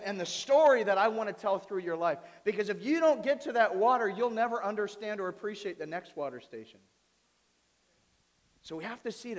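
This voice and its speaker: A man preaching a sermon as pastor, animated, often turning to his congregation with questions. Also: high voice. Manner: animated, asks the audience questions. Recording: reverberant hall.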